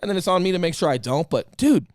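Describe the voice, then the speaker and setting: A man from the United States co-hosting a podcast in casual chat, animated and profane, acting out his friends' words. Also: high voice, quick pace, no echo, clean studio sound. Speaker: podcast co-host.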